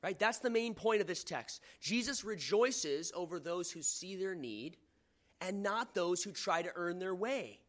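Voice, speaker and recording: A man's voice: high voice, lively intonation, unhurried, fairly bright tone. A man preaching a sermon, reading scripture aloud with dramatic emphasis and asking the listeners questions in a conversational way.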